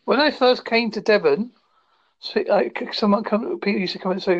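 A man's voice: high voice, normal speed, dull audio. A man from England chatting casually, joking around and slipping into silly voices. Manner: jokey, slips into silly voices and impressions. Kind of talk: casual chat.

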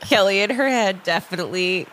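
A woman's voice: mid-range voice, fairly quick, fairly bright tone, slight background noise, poor audio. A woman playing a tabletop game, talking in a hesitant, giggly way. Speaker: player.

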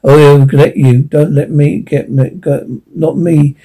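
A man's voice: on the high side, fairly even intonation, takes it slowly, warm tone. A man reading a sci-fi audiobook, voicing a desperate, defiant man ready to fight his way out. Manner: tense, defiant.

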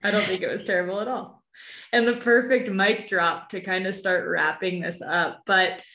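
A woman's voice: mid-range voice, steady tone, moderate pace. Chatty female host, echoey room. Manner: warm, conversational, tags phrases with "right?". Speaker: podcast host. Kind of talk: casual interview chat.

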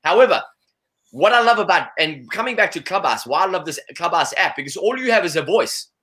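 Fast, bright-voiced man talking energetically. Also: sits high. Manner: energetic, repeats "you know" often. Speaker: interview guest. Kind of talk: casual conversational interview.

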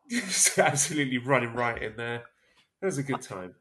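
A man's voice: mid-range voice, expressive, moderate pace, fairly bright tone, a little hiss or hum. A man in his thirties hosting a podcast, chatting casually in a rambling, self-mocking way. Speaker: podcast host.

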